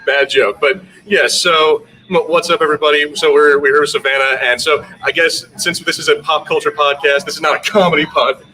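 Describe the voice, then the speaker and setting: Bright-voiced man hosting a podcast. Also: on the high side, steady tone, fairly quick, few pauses, low-quality recording. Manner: joking, teasing, swears casually. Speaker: podcast host. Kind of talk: casual podcast chat.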